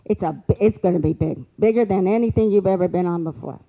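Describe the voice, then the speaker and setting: A woman's voice: lowish voice, fairly quick, creaky, lo-fi sound. A woman imitating an older woman psychic who speaks emphatically, stumbling and repeating words as she insists on her visions. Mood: insistent.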